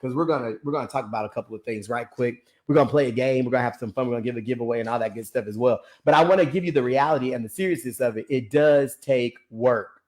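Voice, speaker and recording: A man's voice: medium pitch, quick pace, hardly any pauses, a little mellow. A young man with a preacher's manner, talking about fitness, calling out to his listeners and laughing often. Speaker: ministry founder and personal trainer. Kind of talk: lively preaching-style talk to an online audience.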